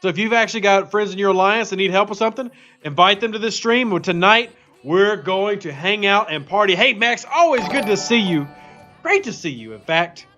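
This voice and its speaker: A man's voice: sits high, lively intonation, a little fast, bright, forceful tone. A man hosting a casual live game stream, chatting in an upbeat way and greeting viewers by name. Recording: slightly dull lo-fi audio with faint music.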